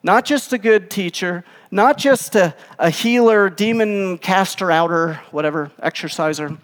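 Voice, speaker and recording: A male pastor giving a casual sermon, telling the story with animation and acting out the lines he quotes. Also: a little high. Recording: long hall reverb.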